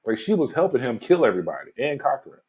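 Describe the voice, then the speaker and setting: A man in his forties, a podcast host, retelling a film in a loose, animated way, full of "man" and "you know". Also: mid-range voice, fast talker, husky, no echo, highs cut off. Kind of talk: casual movie discussion.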